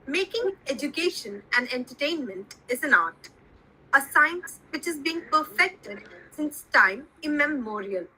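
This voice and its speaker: A woman gives a ceremonious speaker introduction at a webinar. Her voice is high and very bright. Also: very animated, measured pace, a little hiss or hum, rough recording. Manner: formal, ceremonious.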